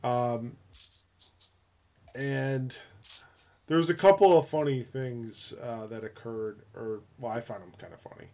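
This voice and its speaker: A man spinning a casual anecdote for a co-host, rambling through fillers and restarts and swearing freely. His voice sits at an ordinary middle pitch. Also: measured pace, long pauses, warm tone. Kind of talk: casual chat, storytelling.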